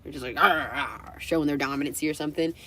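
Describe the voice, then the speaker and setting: A woman's voice: sits low, steady tone, racing, slight background noise. A young adult woman telling stories casually on a live stream, laughing often and acting out the people in them. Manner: chatty, laughs often, acts out quoted voices.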